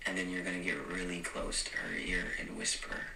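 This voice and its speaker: A man giving a slow, intimate, dramatic spoken narration as a podcast co-host. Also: deep voice, very animated, creaky, background noise.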